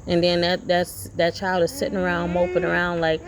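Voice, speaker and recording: A woman's voice: fairly low pitch, monotone, fairly quick, a crowd in the background, poor audio. A woman vlogger giving a rambling, preachy motivational talk, repeating her points as she goes. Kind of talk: casual motivational monologue.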